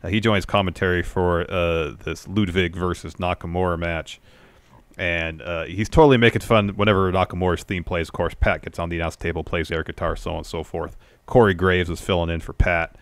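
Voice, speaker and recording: A man with a low voice co-hosts a wrestling podcast and recaps segments in a calm, matter-of-fact way. He speaks close to the mic, and the sound is dry with no room echo. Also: a little fast. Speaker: podcast co-host.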